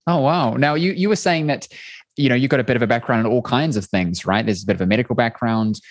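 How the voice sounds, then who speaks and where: A man with a New Zealand accent hosting a podcast interview, speaking with energetic, list-like emphasis. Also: medium pitch, fast, no room sound. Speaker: podcast host. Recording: faint music behind voice.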